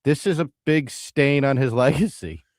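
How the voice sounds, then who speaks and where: A man co-hosting a sports talk radio show, casual and chatty, with quick asides. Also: mid-range voice, no room sound, studio quality.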